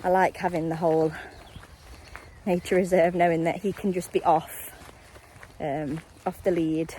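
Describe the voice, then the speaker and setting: Young woman vlogger, lowish voice, breathless walk-and-talk, faint outdoor ambience. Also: little pitch movement, measured pace, dark tone, slight background noise, poor audio. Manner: rambling, friendly, talks to viewers directly. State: slightly out of breath. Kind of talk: casual chatty vlog while walking.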